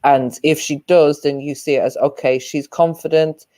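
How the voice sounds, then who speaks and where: Blunt man with a mellow voice. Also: fairly high pitch, steady tone, moderate pace. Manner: blunt, incredulous, interrupting. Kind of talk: casual debate.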